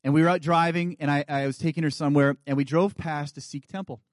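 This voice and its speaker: A man in his thirties preaching a sermon as guest pastor, earnest, often dropping to soft quiet asides. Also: fairly high pitch, steady tone, fast talker, no room sound, clean studio sound. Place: church sanctuary.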